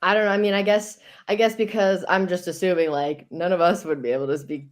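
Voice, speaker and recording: A woman's voice: on the low side, fairly even intonation, fast talker. A young woman, a podcast guest, chatting casually and telling stories with lots of fillers and laughter. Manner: chatty storytelling with frequent likes and laughs. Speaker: guest, Olympic hockey player.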